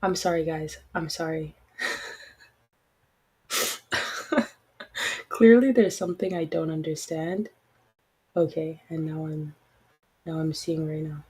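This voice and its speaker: Husky-voiced woman chatting on a stream. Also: sits low, fairly even intonation, slow, long pauses, a little mellow, poor audio. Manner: frank, chatty, apologetic asides. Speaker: podcast host. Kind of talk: casual livestream chat.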